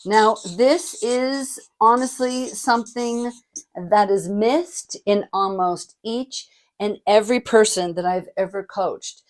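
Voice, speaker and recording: A middle-aged woman teaches public speaking straight to camera in a mid-range voice. Her delivery is demonstrative, moving between bright, energetic bursts and a softer, lower register. She sounds like a practiced coach walking a learner through the steps. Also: slow. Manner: demonstrative, shifts between energetic hype and soft warm tones.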